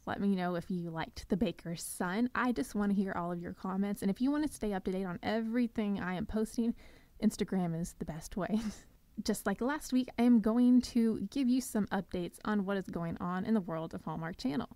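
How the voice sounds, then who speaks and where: A woman's voice: mid-range voice, moderate pace, dark tone, dry recording. A young woman hosting a podcast, gushing with enthusiasm as she delivers a scripted recap monologue. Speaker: podcast host.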